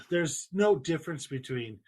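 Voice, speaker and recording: A man's voice: medium pitch, lively intonation, a little slow, breathy edge. A man hosting a casual podcast, upbeat, calling on each co-host in turn. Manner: upbeat, runs the round, calls on each guest.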